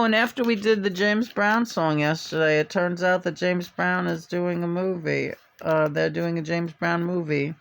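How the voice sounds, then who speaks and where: A man with a somewhat high voice chats playfully through a tarot reading. He rambles and hesitates, restarting his thoughts, and now and then breaks into a silly meowing sing-song. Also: a little slow, creaky, hardly any pauses, fairly bright tone. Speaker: tarot reader. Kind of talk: casual rambling chat.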